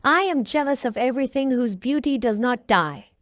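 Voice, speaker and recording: A woman's voice: high voice, animated, moderate pace, no room sound, clean studio sound, voice pushed up. A woman voicing a vain young man who dreads growing old, speaking in a pleading, anguished way. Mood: bitter.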